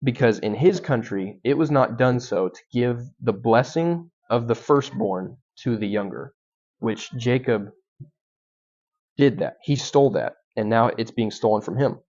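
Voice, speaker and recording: A young adult man teaches through a Bible passage as a guest speaker, talking it over casually with plenty of ums and self-corrections. His voice sits at a medium pitch, and the recording is somewhat dull and lo-fi. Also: unhurried, a little mellow. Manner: conversational, frequent ums and restarts. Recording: dull lo-fi sound.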